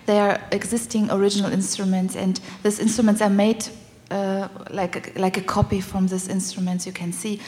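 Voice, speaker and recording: Woman musician, mellow voice, halting w/ lots of ums, long hall echo. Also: medium pitch, level tone. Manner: halting, fills with uh and um, laughs between phrases. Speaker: guest musician. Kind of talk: casual interview chat.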